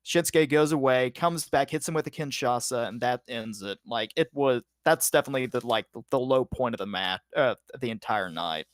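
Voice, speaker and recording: A man's voice: medium pitch, animated, moderate pace, hardly any pauses, no echo. A man co-hosting a podcast, giving a casual play-by-play recap full of "like" and "uh" and the odd swear word. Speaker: podcast co-host.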